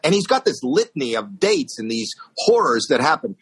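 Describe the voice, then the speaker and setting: A middle-aged man telling a long comic story on a talk show, acting out the voices with high squeaks. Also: big pitch swings, brisk, husky, rough recording. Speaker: stand-up comedian guest telling a story.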